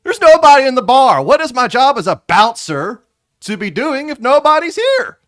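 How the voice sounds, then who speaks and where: A man's voice: very high voice, sing-song, normal speed, a bit bright, voice pushed up, full character voice. A man voicing a sleepy, lazy female half-orc bouncer in a tabletop game, with a whiny drawl.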